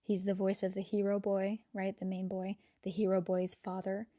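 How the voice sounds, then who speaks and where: A woman hosting a podcast, talking casually and with enthusiasm, sometimes dropping to a soft near-whisper and repeating words as she gathers her thoughts. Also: medium pitch, monotone, normal speed. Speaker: podcast host. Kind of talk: casual reflective monologue.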